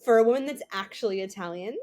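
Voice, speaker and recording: A woman's voice: mid-range voice, quick pace, darkish tone, a little hiss or hum. Wry, joking young woman. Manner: wry, joking, fond of comic asides. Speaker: podcast co-host. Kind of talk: casual chat.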